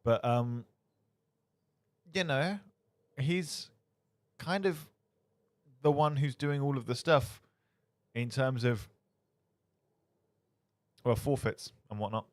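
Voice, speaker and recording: A man's voice: mid-range voice, slow, pauses often, no echo. A man presenting a casual charity livestream on student radio, sounding tired, with dry humour. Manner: tired, self-described monotone, dry humour.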